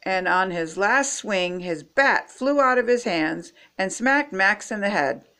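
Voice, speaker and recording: An older woman reads picture books aloud to children. She takes her time, with a middle-pitched voice and playful sound words. She pauses to ask her young listeners questions. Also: clean tone. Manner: slow, expressive, chatty asides to young viewers. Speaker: storybook reader.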